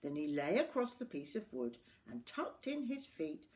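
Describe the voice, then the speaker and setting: An older woman reading a children's story aloud, expressive and adding asides to the listener. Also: mid-range voice, normal speed, a little hiss or hum.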